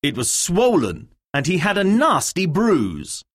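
A woman narrating an English lesson, reading words and sentences slowly and deliberately. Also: lowish voice, wildly swooping pitch, breathy edge. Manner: slow, deliberate word drilling. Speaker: course narrator. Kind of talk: scripted narration.

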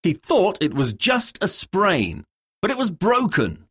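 A woman narrating an English lesson, reading words and sentences slowly and deliberately. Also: medium pitch, huge pitch swings, fairly bright tone, husky. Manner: slow, deliberate word drilling. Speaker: course narrator. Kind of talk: scripted narration.

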